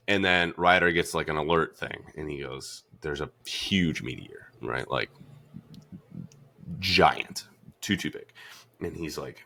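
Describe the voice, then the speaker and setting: A man hosting a podcast, retelling a story in a casual, animated way with lots of "like" fillers. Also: extremely low pitch, slow, vocal fry. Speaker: podcast host.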